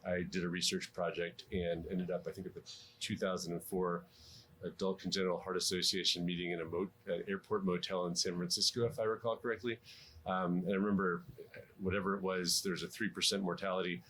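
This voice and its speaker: A very deep-voiced male cardiologist talks through his answers slowly and thoughtfully, pausing with frequent ums and restarting his sentences. A faint hum sits behind the voice. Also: little pitch movement, fairly bright tone. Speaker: interviewed cardiologist.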